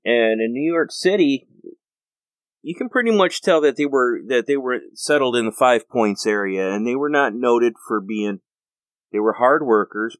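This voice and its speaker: Earnest low-voiced American man. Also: dry recording. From United States. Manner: earnest, rambling with restarts. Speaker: host. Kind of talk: casual monologue.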